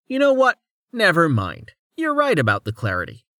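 A man's voice: on the high side, huge pitch swings, moderate pace, sharp tone, no room sound, studio quality, pitched above the performer's own voice, heavily acted. A man doing a playful young mage. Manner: rambling, thinking aloud.

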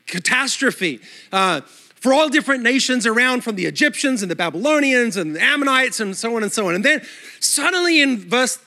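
A man from Australia with an accent part Australian, part American, preaching a lively, conversational sermon to his congregation and asking them questions. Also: extremely high pitch. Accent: Australian with some American. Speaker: pastor. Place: church sanctuary.

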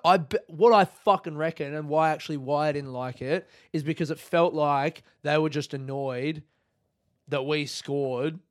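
A man's voice: medium pitch, no room sound, studio quality. An Australian man hosting a podcast alone, telling stories casually with lots of swearing and getting worked up as he talks. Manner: sweary, animated storytelling, gets worked up. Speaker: podcast host. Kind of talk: casual solo podcast monologue.

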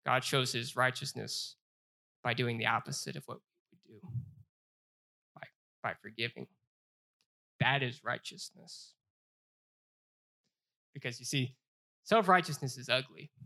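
Man, Bible study teacher, bright voice, earnest, repeats himself and slows down for scripture. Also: medium pitch, creaky. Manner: earnest, repeats phrases, stumbles and restarts; reads scripture aloud with slow emphasis.

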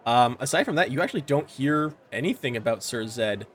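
A man running a tabletop game as game master, describing scenes in a relaxed, descriptive way with filler words. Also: medium pitch, fairly quick, a little hiss or hum. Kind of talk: narrating a tabletop game over a call.

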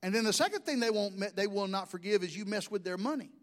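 A man's voice: high voice, animated, quick pace. A middle-aged man, preaching a sermon in a folksy, joking storytelling way. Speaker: pastor.

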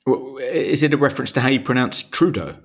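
A man's voice: mid-range voice, brisk, slightly rough. A man co-hosting a podcast in casual chat, with a dry, mock-formal, wry manner. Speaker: podcast co-host.

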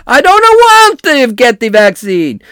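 A man's voice: very high voice, huge pitch swings, slow pace, a bit bright, smooth, no room sound, clean studio sound, voice pushed up, full character voice. A man putting on a whiny Italian-accented man. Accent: put-on Italian.

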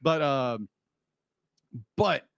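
A man's voice: medium pitch, animated, very slow, a bit bright, clean tone, dry recording. A man co-hosting a podcast, chatting casually in a rambling way with frequent restarts and asides. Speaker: podcast co-host. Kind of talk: casual chat.

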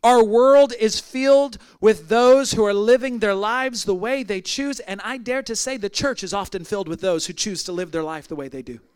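A man's voice: high-pitched, normal speed, few pauses, smooth, no echo. A man pastor preaching a sermon, emphatic, building through repeated phrases.

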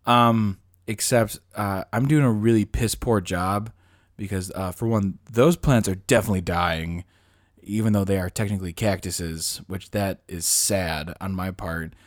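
A man co-hosting a podcast in casual chat, telling stories animatedly, laughing often and slipping into squeaky put-on voices. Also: steady tone, unhurried, no echo, clean studio sound. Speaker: podcast co-host.

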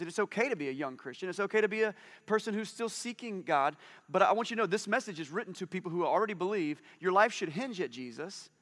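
A man in his forties preaching a conversational sermon, lively and animated, sometimes dropping to a soft, hushed voice. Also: on the high side. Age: 40s. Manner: conversational, animated, drops to a soft hush for intimate moments. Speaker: pastor. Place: church.

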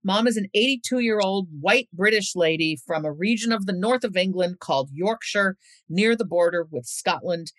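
A woman in her fifties, an author being interviewed, who chats and reads from her book with expressive shifts in pace. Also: mid-range voice, no room sound. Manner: expressive, slows down and speeds up for emphasis. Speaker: author and guest. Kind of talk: interview chat and reading from her own book.

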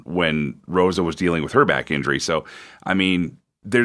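A man co-hosting a casual wrestling chat show, talking in a thoughtful, measured and self-deprecating way. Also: sits low, bright, forceful tone. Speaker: co-host.

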